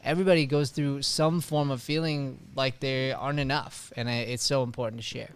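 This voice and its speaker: Male co-host; open, sincere, reflective delivery with a smooth voice. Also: mid-range voice, fairly even intonation, a little fast. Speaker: podcast co-host. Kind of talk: casual podcast discussion.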